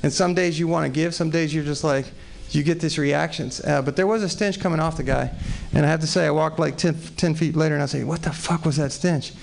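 Gravelly, rambling man at an open mic. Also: fairly high pitch, fairly even intonation, quick pace, a little hiss or hum. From Texas. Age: 40s. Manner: rambling, profane and self-deprecating, with many restarts. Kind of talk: improvised stand-up at an open mic.

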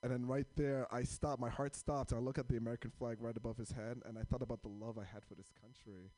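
A man's voice: medium pitch, steady tone, fast talker, warm tone, no room sound. A man doing stand-up comedy with crowd work, rambling and self-deprecating as he stops and starts over his fillers.

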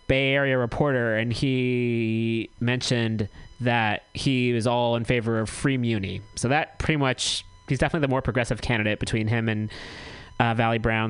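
Chatty and prone to correcting himself mid-sentence, this male community radio host reads out notices in a clear, resonant, mid-range voice. The audio is dry and low in quality.

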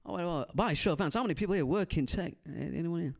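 A man's voice: on the high side, expressive, fast talker, vocal fry. A man in his twenties doing stand-up crowd work on a club stage, with a laid-back, rambling drawl that trails off and keeps tacking on "man". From San Francisco Bay Area. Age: 20s.

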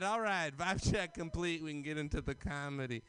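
A man doing a stand-up comedy set at an open mic, loud and excitable, with squealing bits and shouted asides. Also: high-pitched, a little fast, few pauses, clear, resonant tone.

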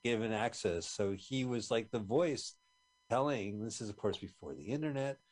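A man's voice: lowish voice, lively intonation, moderate pace. A man co-hosting a radio talk show, chatting casually and reminiscing with frequent restarts. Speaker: podcast co-host. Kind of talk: casual chat watching a film.

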